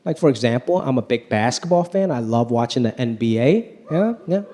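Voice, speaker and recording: A young man from Los Angeles doing an animated stand-up set on a comedy club stage into a handheld mic, rising to near-shouts on punchlines. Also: mid-range voice, brisk. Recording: live club, audience noise.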